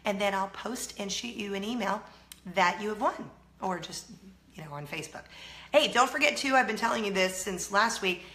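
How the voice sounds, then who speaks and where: A vlog host from California talks casually to the camera with a slight Southern drawl, her voice hoarse from a cold. Chatty and self-mocking, she laughs often; her mid-range voice has a sharp tone at normal speed, and the sound is reverberant.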